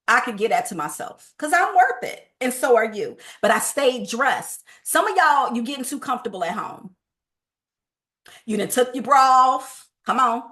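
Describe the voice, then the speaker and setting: A high, bright voice from a woman in her fifties leading a sales training. She talks in a lively, sermon-like way, slipping into little acted phone calls to make her point. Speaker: sales coach. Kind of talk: motivational sales training talk.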